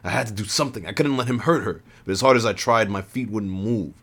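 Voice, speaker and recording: A man reads a first-person adventure story aloud in an earnest tone. His voice sits on the low side, and he often restarts and repeats lines as he goes. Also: quick pace, a bit bright. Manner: earnest, with frequent restarts and rereads.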